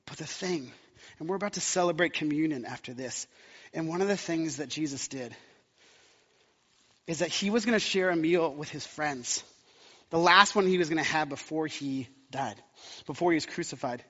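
Man, pastor, fairly high voice, long hall reverb, muffled sound, sermon. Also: moderate pace, fairly bright tone. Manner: impassioned, rising to emphatic climaxes.

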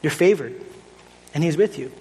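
A man in his thirties preaching a sermon in a conversational, animated way, often asking "right?". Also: a little high, normal speed, in a large hall, low-quality recording. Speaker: pastor.

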